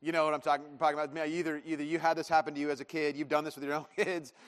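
In a church auditorium full of long hall reverb, a pastor in his thirties preaches a conversational, self-deprecating sermon and acts out snippets of dialogue. His voice is fairly high, his delivery flat, and his pace rapid-fire.

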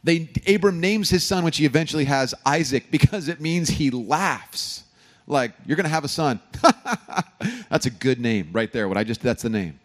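A man, a pastor from California, preaching a sermon with humorous stories and animated emphasis. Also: medium pitch, moderate pace. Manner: storytelling, joking asides, animated emphasis.

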